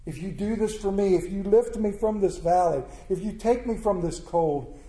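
A man voicing a starving rattlesnake that pleads in a low, hushed voice, as he tells a story to an audience. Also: normal speed, close to an everyday voice. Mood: coaxing. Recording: roomy echo.

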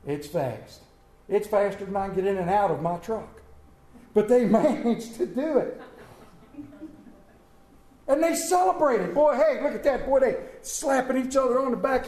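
A man preaches to his congregation, folksy and conversational, then rising into loud calls. His voice sits unusually high. The sound carries the echo of a large church room. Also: animated, unhurried, long pauses. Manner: folksy, preaching with big swings between loud calls and quiet asides. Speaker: pastor. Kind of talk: Easter sermon. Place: church sanctuary.

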